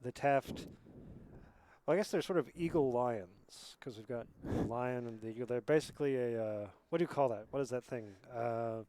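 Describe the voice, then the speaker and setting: A man commentating on a school rugby match from a booth, chatty and rambling, with excited bursts when play picks up. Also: medium pitch, normal speed, slight background noise. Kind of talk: amateur sports commentary.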